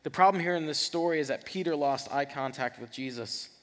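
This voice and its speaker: A man delivers an animated sermon, his voice sitting a little higher than most men's. He stumbles over and repeats words as he reads scripture, then acts out the characters in bursts. A long reverb trails behind every phrase, as if he is speaking in a large hall. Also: a little fast. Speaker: pastor.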